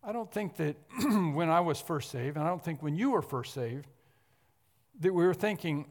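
A man preaching an expository sermon, emphatic and repetitive, often clearing his throat. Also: fairly high pitch, expressive, measured pace, darkish tone. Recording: long hall reverb.

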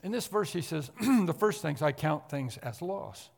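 A man preaching an expository sermon, emphatic and repetitive, often clearing his throat. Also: on the high side, animated, measured pace. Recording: long hall reverb.

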